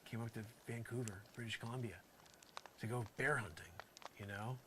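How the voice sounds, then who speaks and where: A man's voice: medium pitch, fairly even intonation, a little fast, background noise. A man hosting a live show, delivering an improvised comedy monologue in a rambling, mock-aggrieved way, full of "you know".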